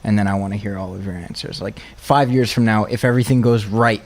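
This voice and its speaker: A man's voice: lowish voice, steady tone, fast. A man hosting a casual podcast, asking his guests questions in an upbeat way. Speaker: podcast host. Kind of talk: casual chat.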